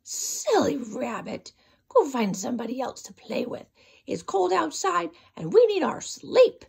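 Grumpy sleepy male squirrel, squeaky and scolding, children's storybook, as a woman puts him on. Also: big pitch swings, measured pace, creaky, breathy edge, exaggerated voice. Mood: angry. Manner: loud and scolding.

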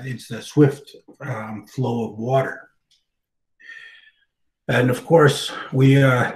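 Slow, halting man. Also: medium pitch, reverberant, rough recording. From Canada. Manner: halting, many fillers and restarts, throat clearing. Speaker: guest speaker on language revitalization. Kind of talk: informal presentation.

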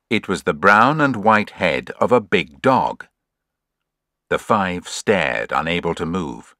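A man reading scripted storybook narration in an expressive, measured way. His voice sits fairly low yet rises and falls a lot. The sound is dry and close. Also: dry recording.

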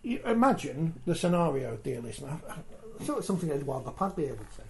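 Jokey man, higher voice. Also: fast talker. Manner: animated, jokey, rhetorical. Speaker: podcast host. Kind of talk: casual discussion.

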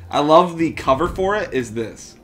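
A man's voice: on the high side, expressive, a bit bright, soft background music. Rambling, laugh-prone co-host guy. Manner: rambling, halting, laughs often. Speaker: let's play co-host. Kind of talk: casual chat, reading a walkthrough aloud.

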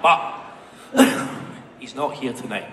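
Between songs, a singer in his twenties banters with a live crowd in a large indoor concert hall, cheeky, rambling, self-mocking, and swearing freely. His mid-range voice is slow with wildly swooping pitch, heard through a stage microphone in an echoey hall with loud crowd noise.

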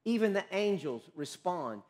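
High-voiced emphatic preaching man. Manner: emphatic preaching with rapid scripture quotes and call-and-response; bursts into shouts of excitement. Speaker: pastor. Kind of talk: sermon.

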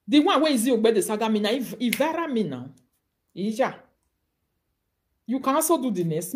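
A woman's voice: medium pitch, a little mellow. A woman with a Nigerian accent ranting on a live video, mocking and scolding her targets. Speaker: online commentator.

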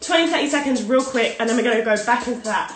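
Speaking a little high and at a quick pace, a young female fitness instructor runs a live workout with faint music behind her, counting reps and urging people on while short of breath. Her delivery is upbeat and encouraging, full of counts and cues. It's recorded from a distance in a very echoey room.

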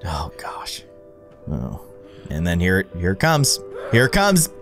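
A man's voice: deep voice, slow pace, soft background music. A man giving exclaiming let's play commentary as a gaming YouTuber. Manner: animated, exclaiming reactions.

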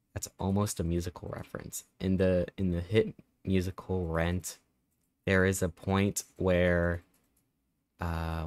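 A man talks casually through a live game stream, chatty and playful, drifting into rambling asides. His voice sits on the low side. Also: dry recording.

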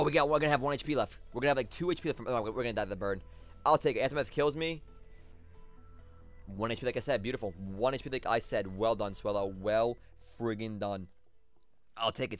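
A young man giving live gameplay commentary, thinking aloud and talking to his opponent with excitable swings of energy. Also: mid-range voice, quick pace, dry recording, faint music behind. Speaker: competitive battle commentator.

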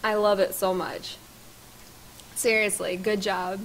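A woman's voice: medium pitch, flat delivery, slow pace, background noise. A woman streaming a game live, chatting casually, laughing hard and piling on praise. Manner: giggly, bursts into laughter; effusive, repeats praise.

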